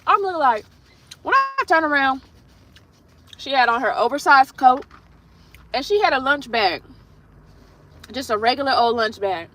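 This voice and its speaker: Bright-voiced woman telling a story casually. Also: high-pitched, sing-song, normal speed, long pauses, poor audio. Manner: blunt, profane, chatty storyteller. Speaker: nail artist livestream host. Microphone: streaming setup while doing her nails.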